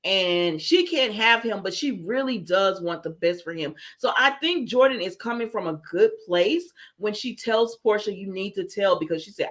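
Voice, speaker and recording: A woman's voice: medium pitch, lively intonation, moderate pace, few pauses, a bit bright. A woman chatting casually on a livestream, retelling soap opera scenes and answering viewer comments. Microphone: livestream setup with computer microphone.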